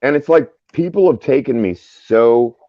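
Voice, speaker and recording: A man's voice: medium pitch, unhurried, dry recording. A man in casual group chat who rambles and repeats words as he talks. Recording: dull lo-fi sound.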